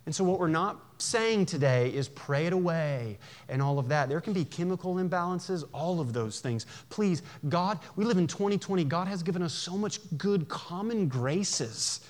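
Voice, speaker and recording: Guy preaching in church, chatty and animated, slightly high voice, throws in jokes and little acted bits. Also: moderate pace, hardly any pauses. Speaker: pastor. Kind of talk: sermon.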